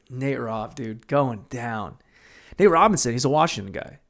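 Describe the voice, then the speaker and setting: A young man hosting a solo podcast, telling rambling, profane stories and breaking into sudden loud outbursts. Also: medium pitch, moderate pace, creaky. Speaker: podcast host.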